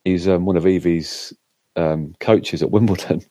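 A middle-aged man telling a lively story in casual chat, acting out what others said. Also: deep voice, a little slow, no echo. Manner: animated storyteller, acts out quotes. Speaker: co-host.

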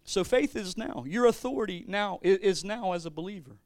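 Male pastor, high voice, excitable sermon delivery with stammering restarts, dry close sound. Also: fairly quick, dry recording. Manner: animated, swings between loud declarations and quiet storytelling, stammering restarts.

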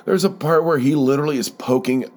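A man's voice: on the high side, quick pace, darkish tone. A man hosting a solo podcast, rambling through a sardonic, profane story with many fillers, a bit stuffed up from a cold. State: stuffy, keeps blowing his nose. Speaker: podcast host.

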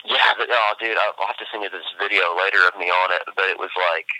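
Very low, bright-toned casual man. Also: steady tone, fast, no echo, poor audio. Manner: easygoing, laughs often, trails off with fillers. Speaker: obstacle racer guest. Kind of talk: casual chat.

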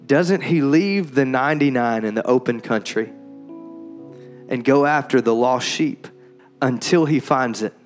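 A young adult man preaching as a pastor in a church, moving from calm talk to loud, impassioned preaching. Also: medium pitch, unhurried, faint music behind. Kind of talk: sermon. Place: church hall.

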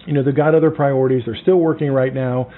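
Energetic man coaching over a tinny line. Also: quick pace. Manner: animated, acts out phone calls, drops to a low voice. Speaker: sales trainer. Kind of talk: sales coaching talk. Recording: tinny phone-like sound.

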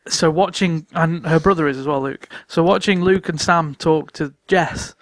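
A man telling stories in casual podcast chat, animated and laughing often as he acts out what others said. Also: on the high side, normal speed, no room sound. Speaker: returning podcast guest.

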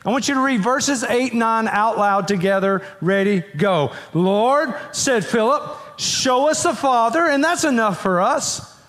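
A man's voice: very high-pitched, a little slow, a bit bright. A man, a pastor, preaching an emphatic sermon and leading the congregation to read verses aloud with him. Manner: emphatic, repeats phrases, leads the congregation to read along. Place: church sanctuary. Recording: long reverb of a large hall.

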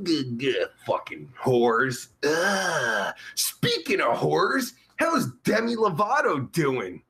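A vulgar, boastful pimp, as a man puts him on, rambling through a comedy rant with a sore throat. His high voice leaps up and down in pitch. He talks slowly, in a bright, sharp tone. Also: heavily acted. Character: crude sleazy adult male pimp, rude and boastful. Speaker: live-stream comedy host in character. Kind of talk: improvised live-chat comedy rant.

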